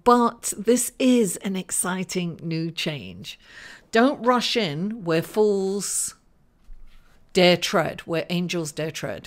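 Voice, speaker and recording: A woman astrologer giving a weekly tarot forecast to camera in a chatty, rambling way, with many fillers and restarts. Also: on the low side. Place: indoors in front of a green screen.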